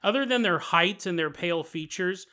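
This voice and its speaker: Bright-voiced man telling an eerie story. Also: sits high, normal speed. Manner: animated, laughs while telling. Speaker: podcast host. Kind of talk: storytelling podcast narration.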